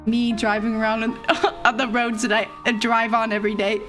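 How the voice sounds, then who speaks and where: A woman's voice: fairly high pitch, a little slow, pauses often, fairly bright tone, faint music behind. A young woman streamer chatting casually and rambling, laughing often as she talks. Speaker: vtuber streamer. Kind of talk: casual chat.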